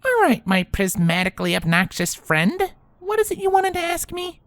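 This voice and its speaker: A prim, bookish young mare with a precise, slightly impatient way of speaking, as a woman acts her out. Her voice sits far higher than a grown woman's. It swings widely in pitch. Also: wildly swooping pitch, normal speed, dry recording. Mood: plain. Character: young female unicorn, prim, bookish, exasperated. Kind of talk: fan fiction reading.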